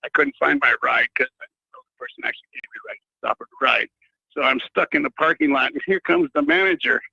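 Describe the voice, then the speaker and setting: A man's voice: fairly high pitch, animated, fairly quick, gravelly, bright, forceful tone, husky, no room sound. A man calling in to a radio show, rambling with many fillers and restarts. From United States. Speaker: caller. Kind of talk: rambling call-in rant. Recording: muffled phone line into radio.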